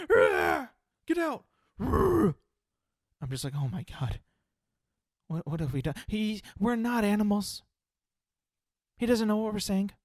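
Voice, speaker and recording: A young man talks through a solo comedy podcast with a slightly high-pitched voice. He wanders and hedges with plenty of fillers, poking fun at himself. The sound is dry and close, with no room around it. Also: no room sound. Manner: rambling, filler-heavy, self-deprecating. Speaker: podcast host.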